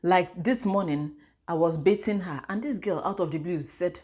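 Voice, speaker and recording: A woman's voice: on the low side, moderate pace. Chatty Nigerian mother vlogging. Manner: chatty, animated storytelling with pidgin and Igbo asides. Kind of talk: casual advice vlog.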